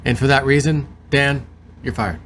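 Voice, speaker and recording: A man's voice: medium pitch, steady tone, normal speed, fairly bright tone, slight background noise, natural voice. A man doing a mocking impression of a blustering, boastful older male leader. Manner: mocking, brash.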